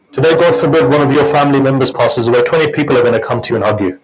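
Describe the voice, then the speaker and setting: A man's voice: medium pitch, racing, hardly any pauses, music in the background, poor audio. A man giving a mourning sermon in an impassioned, conversational way, often putting questions to his listeners. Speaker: preacher.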